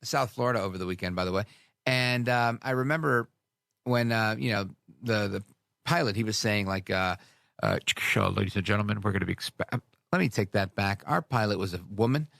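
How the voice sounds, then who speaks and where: With vocal fry in a fairly low voice, this radio host talks a little fast through a sarcastic, animated monologue full of tangents and asides. The studio-quality sound has no echo.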